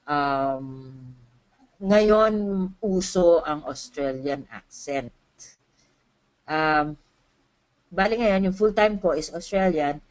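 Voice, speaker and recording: Chatty Filipino woman, lowish voice. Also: rough recording. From Philippines. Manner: chatty, laughs often, full of fillers. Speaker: webinar speaker, freelance transcriber. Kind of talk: casual talk mixing Tagalog and English.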